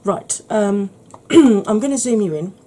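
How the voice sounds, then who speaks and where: A woman with a slightly husky voice, giving a soft-spoken ASMR makeup tutorial in a chatty, explanatory way. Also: mid-range voice, animated, takes it slowly.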